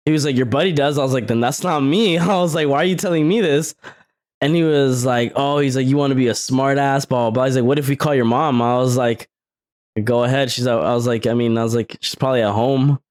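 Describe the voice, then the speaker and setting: A young man co-hosting a podcast, telling stories in an animated way and laughing often. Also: medium pitch, fast. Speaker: podcast co-host. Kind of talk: casual chat.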